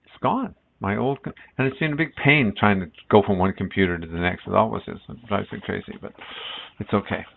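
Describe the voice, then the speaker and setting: Middle-aged guy with a gravelly low voice, rambly reflective dharma-talk feel, sounds like it's coming through a phone. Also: fairly quick, slight background noise. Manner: rambling and reflective, many restarts. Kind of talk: relaxed spiritual talk with a story. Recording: lo-fi phone-like audio.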